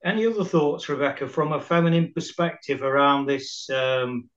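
A man's voice: on the high side, normal speed, a bit bright. Male podcast host, rambling storyteller, lo-fi recording. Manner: rambling, self-mocking anecdotes. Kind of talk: casual chat, storytelling.

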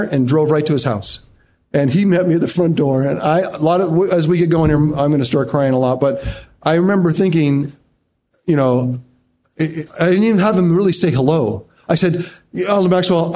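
A man's voice: on the high side, a little mellow, slight background noise. A middle-aged man as an interview guest, telling a personal story in an emotional way with many restarts, his voice jumping up when he relives tense moments.

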